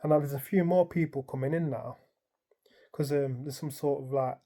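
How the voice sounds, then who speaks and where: A man tells his dream in a loose, rambling way, leaning on "like" and "um" as he goes. His voice is mellow and soft-edged, and he tells it in an easy, casual way. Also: mid-range voice, normal speed. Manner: rambling, animated retelling full of "like" and "um"; colloquial, storytelling present tense. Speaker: dream vlogger. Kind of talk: casual storytelling.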